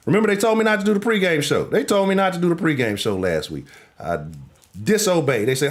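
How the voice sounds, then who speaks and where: A man's voice: medium pitch, wildly swooping pitch, quick pace. A man hosting a live sports talk show, brash, joking and profane.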